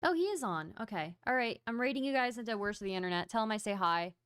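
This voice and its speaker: Fast-talking and expressive, a livestream host speaks in a mid-range, slightly bright, clean voice. She jokes casually with viewers at her own expense, addressing chat directly. The clean studio recording has no room sound.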